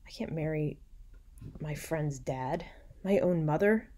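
Low, mellow-voiced woman lecturing casually. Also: slow pace, a little hiss or hum. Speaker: literature lecturer. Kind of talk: casual recorded lecture, reading aloud and paraphrasing.

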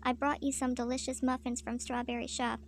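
Bratty emo girl, read by a woman, snippy, gravelly fry. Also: high voice, little pitch movement, brisk, slight background noise.

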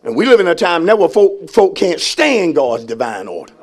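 A male pastor a sermon with call-and-response, building to shouted emphasis. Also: on the high side, very animated, moderate pace, hardly any pauses.

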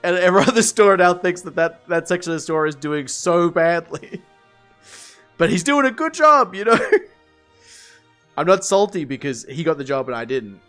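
A man's voice: high-pitched, expressive, moderate pace, fairly bright tone, faint music behind. A man chatting casually on a livestream, rambling, swearing and laughing often.

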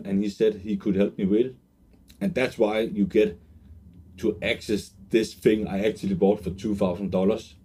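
A man in his twenties telling an earnest, emotional personal story as a sales pitch, with many fillers and restarts. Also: dark tone, slightly rough. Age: 20s. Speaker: online marketer pitching a course.

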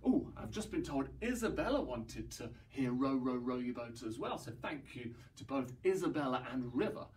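A man leading young children through an action song, singing slowly and playfully acting out the sounds. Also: mid-range voice, expressive, distant mic. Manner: playful, sings slowly, mimes and acts out sounds. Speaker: children's singing session leader.

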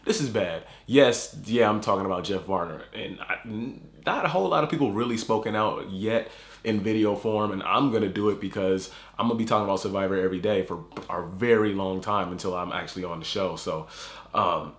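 A man's voice: lowish voice, fairly quick, echoey room. A man hosting a YouTube reaction video, ranting angrily and swearing, repeating himself as he fires off words. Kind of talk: angry profane reaction rant.

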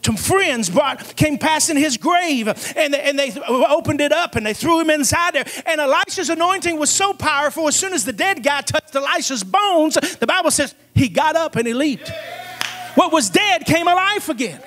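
A man with a strikingly high voice preaches a revival sermon in a church. He is fervent, calls on the congregation to answer back, and often climbs into shouts. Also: expressive, normal speed. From Cincinnati area. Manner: fervent, call-and-response preaching, rising to shouts. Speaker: evangelist preacher. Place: church sanctuary.

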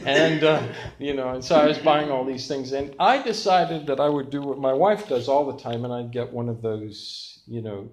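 An older man preaching a sermon as pastor, telling stories with lively, self-mocking humor. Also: medium pitch, normal speed.

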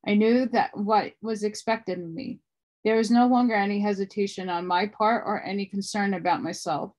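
A woman reading a book aloud at a steady pace, with small restarts along the way. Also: medium pitch, normal speed. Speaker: audiobook reader.

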